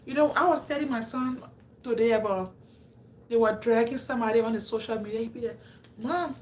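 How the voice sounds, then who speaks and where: A woman's voice: on the high side, fast, darkish tone, slight background noise. A woman from Africa with an African English accent, chatting casually and talking straight to her viewers on a live stream. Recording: echoey room, faint ambience.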